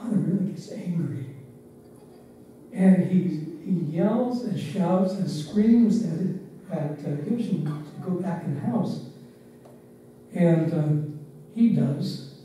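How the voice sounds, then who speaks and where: An older man, once a driver and staff member, reminiscing in unhurried, reflective anecdotes with pauses. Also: on the high side, expressive, dark tone. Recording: roomy, distant mic, faint background noise.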